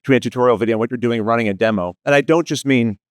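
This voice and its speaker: A man with a Maritime Canadian accent giving a lively conference panel talk, joking with the audience and asking them questions. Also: medium pitch, racing, clean tone, no room sound, clean studio sound. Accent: East Coast Canadian, Maritimes. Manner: lively, self-deprecating, asks the audience questions. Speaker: panel presenter, tutorial video creator.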